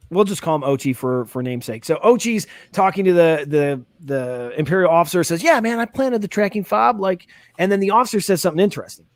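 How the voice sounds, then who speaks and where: A man's voice: fairly high pitch, dry recording, studio quality. A man hosting a casual live reaction chat, talking in a rambling, enthusiastic way with lots of fillers and restarts. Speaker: host.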